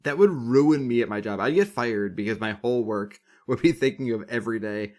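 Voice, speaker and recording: A man co-hosting a podcast, giving opinionated, casual takes with swearing and quick mock voices. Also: medium pitch, darkish tone. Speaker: podcast co-host. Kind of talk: casual chat.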